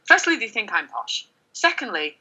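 Bright, husky middle-aged woman. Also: mid-range voice, normal speed, rough recording. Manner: candid and animated, many fillers and restarts. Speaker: journalist, interview guest. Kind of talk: conversational interview.

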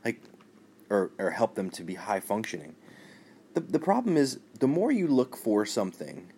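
Male podcaster, somewhat low voice, dry sarcastic delivery that hides the joke, rambles through news with fillers. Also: moderate pace, breathy edge. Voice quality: says his tone is neutral and flat. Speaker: podcast host. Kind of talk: solo podcast news commentary.

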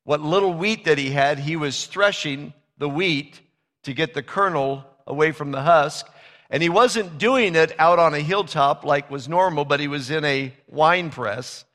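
In a reverberant hall, a man with a mid-range, fairly bright voice preaches a sermon. He retells a Bible story in a casual, conversational storytelling way, acting out the characters' lines.

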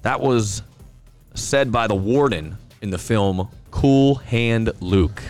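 Quizmaster man, lower voice, upbeat announcer style with light music behind. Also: takes it slowly, darkish tone. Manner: upbeat announcer who repeats each question and banters between rounds. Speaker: pub trivia quizmaster. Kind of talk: casual podcast quiz announcing.

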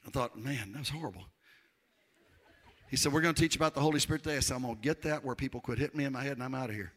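Man, preacher, animated testimony, high voice. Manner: animated storyteller, acts out voices, shouts at peaks. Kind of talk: testimony sermon.

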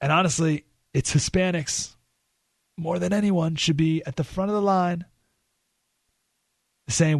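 A man hosting a talk radio show, delivering an animated political monologue and often repeating or restarting words. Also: fairly high pitch, unhurried, gravelly, pauses often, no echo, studio quality.

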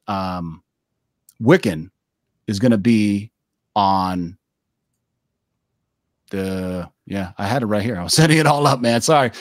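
A man's voice: medium pitch, no room sound, clean studio sound. Rambling man chatting about comics. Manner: rambling, loose, self-correcting, swears casually. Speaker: podcast host. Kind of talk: casual chat about comics.

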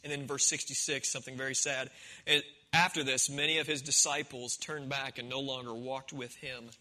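A man's voice: medium pitch, level tone, a little fast, bright, forceful tone, poor audio. A man preaching a sermon in a conversational, storytelling way, acting out the scenes. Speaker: pastor.

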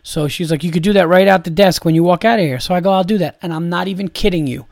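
This young adult man hosts a podcast and delivers a casual rant that is exasperated, profane and repetitive. His voice is high, quick and creaky, captured as a dry, clean studio recording.

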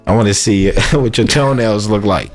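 A man's voice: fairly low pitch, normal speed, soft background music. A man co-hosting a radio podcast in casual chat, laid-back and reading listener comments aloud with emphasis. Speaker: podcast co-host. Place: podcast studio.

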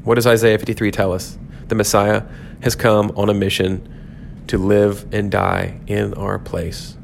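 A man's voice: on the low side, flat delivery, measured pace, gravelly, slight background noise. A man hosting a devotional podcast, talking through scripture in an earnest, reflective way and repeating key phrases for emphasis. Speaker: podcast host teaching on scripture.

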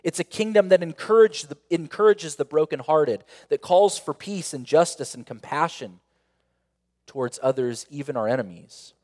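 A man's voice: fairly high pitch, moderate pace. Earnest male pastor preaching in a reverberant hall. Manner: earnest, rises to emphatic peaks then drops quiet and intimate; repeats phrases and asks rhetorical questions. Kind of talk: sermon.

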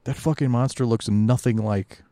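A man's voice: mid-range voice, fairly even intonation, moderate pace, dark tone, no echo. A man co-hosting a podcast who chimes in and agrees in a laid-back casual chat. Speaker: podcast co-host. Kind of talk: casual comic review chat.

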